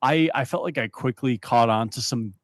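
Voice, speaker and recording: A man talking as a poker coach in casual podcast chat, with a mid-pitched voice. He stumbles and repeats words while thinking aloud. The recording is dry and close. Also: normal speed, no echo.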